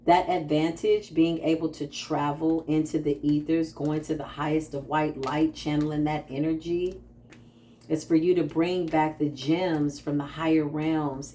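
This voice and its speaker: Woman, spiritual practitioner, casual talk to viewers, animated, playful. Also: sits low, slight background noise. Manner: animated, laughing, quotes herself in playful asides.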